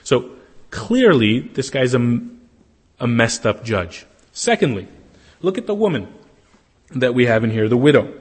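Husky male pastor, lively pitch, long church-hall reverb. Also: unhurried, pauses often. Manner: animated preacher, acts out characters with raised voice. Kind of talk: sermon.

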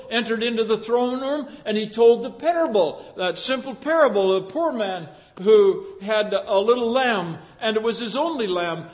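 High-voiced male preacher in an echoing hall. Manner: fervent, rising to loud emphatic passages. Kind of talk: sermon. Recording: echoey hall with long reverb.

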